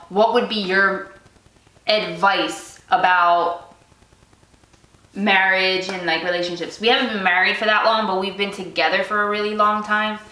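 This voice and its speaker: A woman's voice: medium pitch, bright, forceful tone. A young woman hosting her own vlog, chatting frankly and casually with loose asides. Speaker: vlog host. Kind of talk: casual chat. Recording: echoey room.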